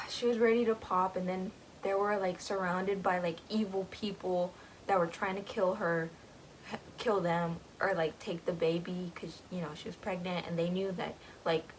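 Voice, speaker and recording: A woman's voice: fairly low pitch, fairly even intonation, moderate pace, a little hiss or hum, low-quality recording. A woman casually recapping a book, rambling, with lots of filler words.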